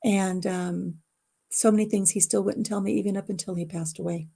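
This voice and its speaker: A middle-aged woman hosts a casual livestream from her home, telling a family story in a rambling, heartfelt way. Her voice has a gravelly, creaky edge and sits at an ordinary pitch for a woman. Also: fairly even intonation, moderate pace, dark tone. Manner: rambling, emotional personal storytelling. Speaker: livestream host.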